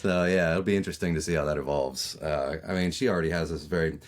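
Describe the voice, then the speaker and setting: A man in his thirties from Maryland with a neutral American accent, chatting casually as a voice actor guest on a podcast, with lots of fillers and lively storytelling. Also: rumbling low, quick pace, slight background noise. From Maryland, USA. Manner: chatty, lots of fillers, animated when telling stories.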